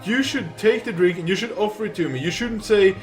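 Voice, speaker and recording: A man voicing an indignant, shouting male restaurant customer who feels insulted. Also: high-pitched, a little fast, soft background music, pitched above the performer's own voice, lightly acted.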